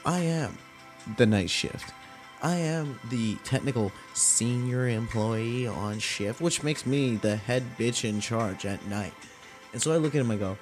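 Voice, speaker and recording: A man's voice: lowish voice, a little slow, music in the background. A young man hosting a podcast who tells stories in a loose, profanity-heavy rant and acts out the people he quotes. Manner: profane, animated retelling with acted-out quotes. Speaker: podcast host. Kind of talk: casual storytelling rant.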